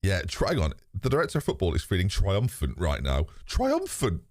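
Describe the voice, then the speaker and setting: A man streaming a game live, chatting to his viewers in a lively, sweary way. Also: low voice, a little fast, dry recording, studio quality. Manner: animated, talks to chat, swears casually. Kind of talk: live gameplay commentary.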